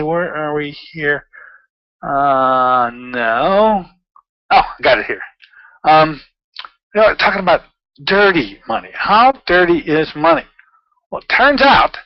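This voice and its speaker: Chatty male talk-show host, slightly high. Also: dry recording, muffled recording. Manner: chatty, rambling, with frequent fillers. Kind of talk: casual talk-show monologue.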